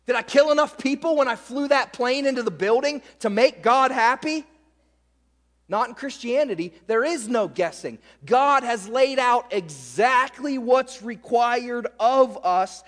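Male pastor, very high voice, slow emphatic sermon delivery, echoing in a reverberant hall. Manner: fired-up, emphatic preaching with repeated phrases.

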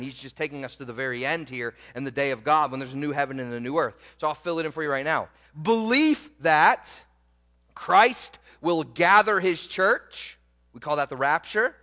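A man preaching a sermon as pastor, moving between loud, emphatic proclaiming and quiet, low asides to the congregation. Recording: long reverb of a church hall.

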